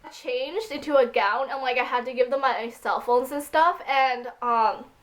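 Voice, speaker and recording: A woman's voice: sits high, moderate pace. A woman vlogger telling a story to camera in a casual, rambling way, upset and full of "like" and "freaking".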